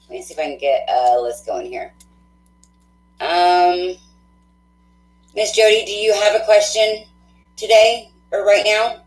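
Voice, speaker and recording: A woman hosting a live tarot stream, chatting casually with viewers, effusive and quick to laugh, thinking aloud with fillers. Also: medium pitch, steady tone, reverberant, rough recording.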